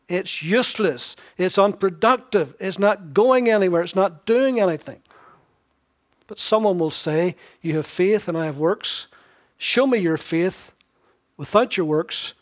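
A man's voice: sits high, expressive, a little slow. A man preaching an expository sermon, emphatic and repetitive, with wry asides.

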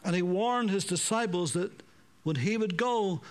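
A man preaching a sermon, swinging between raised emphasis and hushed, slowed passages. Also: high voice.

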